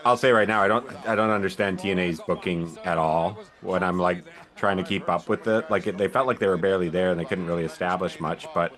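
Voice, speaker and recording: A man's voice: low voice, steady tone, fast, fairly bright tone. A man co-hosting a casual chat, laid-back and hesitant, with jokes.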